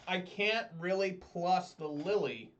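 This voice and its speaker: A man's voice: high-pitched, fairly bright tone, muffled recording, a little hiss or hum. A man giving casual gameplay commentary as he plays, talking to himself and swearing often. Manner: swears often, talks to himself while playing. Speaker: gameplay streamer.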